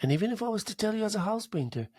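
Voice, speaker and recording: A man hosting a talk show, telling a story in a casual monologue with animated delivery and spoken drum sounds. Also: high-pitched, rapid-fire, breathy edge, dry recording, clean studio sound.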